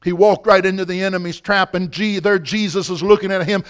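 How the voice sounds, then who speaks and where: A man's voice: high voice, fairly even intonation, fairly quick, few pauses. A male pastor preaching a sermon at a church service, telling a story with passion, emphasis and repetition.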